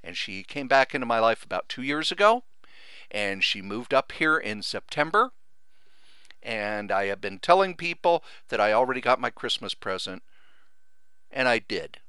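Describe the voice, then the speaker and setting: A man's voice: medium pitch, big pitch swings, normal speed, bright, forceful tone, clear, resonant tone, dry recording. A middle-aged man hosting a podcast, talking earnestly and sentimentally, thanking friends and getting emotional. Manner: earnest, rambling, grows emotional. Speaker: podcast host. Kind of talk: heartfelt thank-you monologue.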